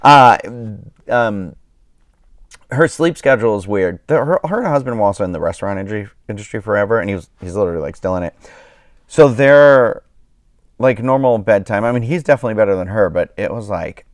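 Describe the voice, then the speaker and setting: Male streamer, low voice, dry close sound. Sleepy, rambling casual chat. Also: lively intonation, a little fast, no room sound. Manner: rambling, many fillers and restarts. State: tired, yawning. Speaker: live stream host.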